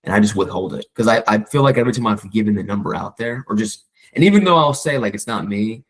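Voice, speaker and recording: A man with a fairly low, husky voice talks at a rapid clip. He coaches a colleague in a loose, conversational way and jumps into quick acted-out bits of client calls. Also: rough recording. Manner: fast, animated, acts out client calls in quoted voices. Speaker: real estate agent coaching a colleague. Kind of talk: casual coaching chat.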